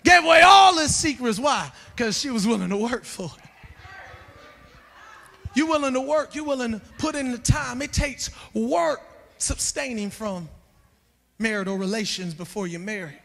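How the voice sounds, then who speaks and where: A man preaching a sermon in a church, emphatic and often shouting, with joking asides. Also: extremely high pitch, normal speed, gravelly, pauses often. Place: church sanctuary. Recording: long church reverb with faint music.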